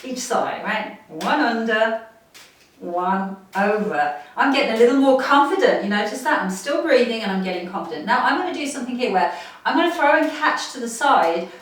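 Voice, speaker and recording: A woman guides a playful movement class from her chair, talking warmly and laughing as she goes. Her voice rises and falls a lot, and it rings in a very echoey room. The mic sits some way off. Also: medium pitch, distant mic. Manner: encouraging, laughs often, chatty while moving. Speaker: movement instructor. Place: home room, seated on a chair.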